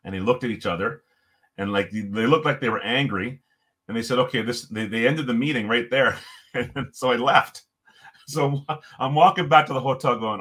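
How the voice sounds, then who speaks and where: A middle-aged man, a podcast guest, telling a story in a lively way and chuckling often. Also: mid-range voice, brisk. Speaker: podcast guest, former hockey coach. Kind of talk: storytelling in conversation.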